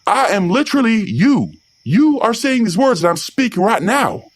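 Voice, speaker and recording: A man's voice: high voice, sing-song, normal speed, pitched above the performer's own voice. A man voicing a dim-witted, easygoing redneck sidekick with a put-on rural Southern drawl in a comedy podcast sketch. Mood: exasperated.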